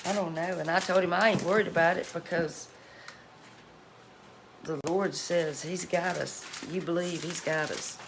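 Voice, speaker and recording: A woman's voice: on the low side, fairly even intonation, normal speed, noisy background. Folksy woman chatting at home. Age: middle-aged. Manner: folksy and chatty, laughs often. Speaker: cooking channel host. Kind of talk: casual chat to viewers.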